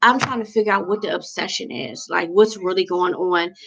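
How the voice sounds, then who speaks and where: A woman's voice: lowish voice, fairly quick, gravelly, bright, forceful tone, slightly rough, low-quality recording. A woman in her forties telling a personal story to camera in a chatty, rambling, emotional way with lots of fillers. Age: 40s. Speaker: vlogger.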